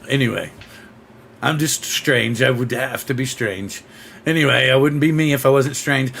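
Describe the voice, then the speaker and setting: A man's voice: mid-range voice, normal speed, vocal fry, fairly bright tone, a little hiss or hum. A man hosting a casual livestream, chatting and rambling as he greets viewers by name. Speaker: host.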